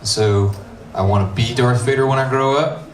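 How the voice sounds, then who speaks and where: In a church youth room with a crowd audible behind him, an American middle school pastor gives a laid-back youth sermon, reading scripture and cracking slangy asides. His voice is mid-range at a normal speed, and the recording sounds roomy and distant with a faint hiss.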